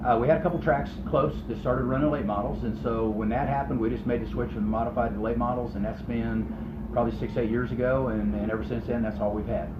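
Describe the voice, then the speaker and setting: Racer, phone-like sound. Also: male voice, mid-range voice, fairly even intonation, quick pace. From Northwest Arkansas, USA. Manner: hesitant, repeats words, plain-spoken. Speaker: racing driver guest. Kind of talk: casual interview answers. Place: outdoor speedway. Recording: tinny phone-like sound, echoey, loud noise.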